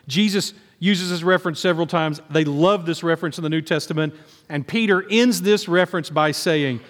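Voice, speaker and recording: Man, pastor preaching, lively sermon delivery, fairly high voice, long reverb of a big church hall. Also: normal speed. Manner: animated preaching, shifting between quiet scripture reading and excited outbursts.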